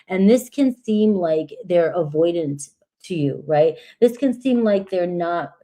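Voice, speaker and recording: A woman reads tarot cards live for her viewers, and her voice is husky from just waking up. Her pitch sits low and her tone is warm and mellow. She talks in a chatty, reassuring way and keeps tagging her points with "right?". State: husky morning voice. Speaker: tarot reader.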